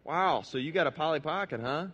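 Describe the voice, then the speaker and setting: A man's voice: fairly high pitch, lively intonation, fairly quick, fairly bright tone, slightly rough, muffled recording. A preacher acting out a smug boy at a birthday party. He talks in a taunting, boastful way with a cool, offhand attitude. The voice stays close to the preacher's own.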